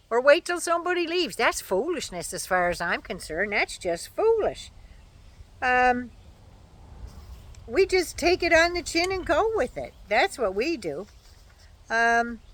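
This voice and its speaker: A woman's voice: sits high, pushed and bright. An older woman chatting casually to camera outdoors at home, folksy and opinionated with dry asides. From Canada. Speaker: vlogger.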